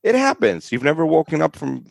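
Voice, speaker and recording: A man's voice: fairly high pitch, sing-song, fairly quick, gravelly, dry recording. A man co-hosting a podcast in casual chat, joking and teasing with frequent laughs. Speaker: podcast co-host.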